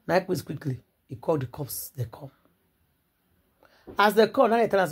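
A woman with a Nigerian accent telling celebrity gossip as an animated story, repeating words for emphasis and acting out the people she quotes. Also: fairly low pitch, moderate pace, long pauses, husky.

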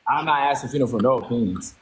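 A man's voice: mid-range voice, fast. A young man livestreaming, talking casually in slang and pleading with his viewers to help him win.

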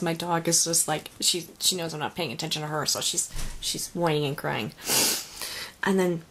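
A woman's voice: on the low side, a little hiss or hum. A woman crafter unboxing a handmade gift in a casual home vlog, gushing and emotional with many sighs and exclamations. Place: home craft room with dog nearby.

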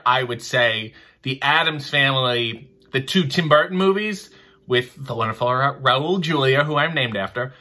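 A man's voice: on the high side, pushed and bright. A man hosting a question-and-answer video, reading viewer questions and answering with dry, theatrical, mock-pompous humor. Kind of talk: casual chat.

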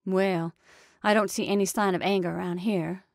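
A woman voicing a stout, blunt farm wife who speaks firmly and more loudly than the narration. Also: medium pitch, fairly even intonation, normal speed, vocal fry, dry recording, studio quality, close to an everyday voice. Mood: grim, firm. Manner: firm, forceful, louder than narration. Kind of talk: reading a short story aloud.

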